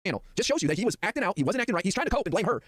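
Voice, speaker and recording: A man streaming live, ranting in a rapid, exasperated way. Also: high-pitched, big pitch swings, a bit bright, no echo, studio quality.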